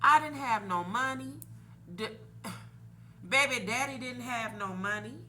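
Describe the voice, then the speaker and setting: A woman's voice: a little high, unhurried, pushed and bright, slight background noise. A woman in her forties, a podcast host telling a personal story candidly and animatedly, laughing now and then.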